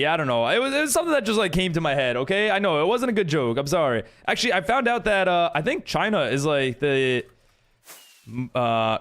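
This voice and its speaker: Animated, chatty male game streamer. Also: fairly high pitch. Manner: chatty, laughing often, reading chat aloud. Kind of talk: casual live stream chat.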